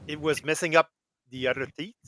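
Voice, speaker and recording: A man's voice: fairly high pitch, steady tone, a little fast, pushed and bright, rough recording. A man who is a father, chatting casually and stumbling over repeated words. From Canada. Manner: repetitive, stumbling restarts. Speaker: podcast co-host. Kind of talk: casual chat.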